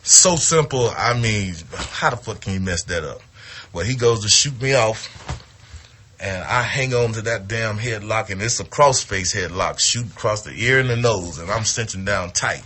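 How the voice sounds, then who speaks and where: Male storyteller, low register, foul-mouthed and animated, casual anecdote. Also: normal speed, slightly rough. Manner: profane, animated, acts out quotes. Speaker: retired wrestler telling a story.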